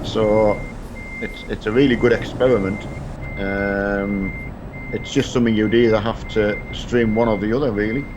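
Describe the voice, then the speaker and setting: A man's voice: fairly low pitch, steady tone, normal speed, background noise. A middle-aged man chatting casually on a live stream of a truck game with his son, rambling and hesitant with many fillers and restarts. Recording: dull lo-fi stream audio.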